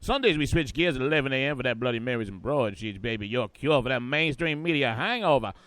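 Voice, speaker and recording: A man hosting a political talk radio show, brash and hyped, riffing fast between topics on a studio microphone. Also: mid-range voice, animated, a bit bright, no echo.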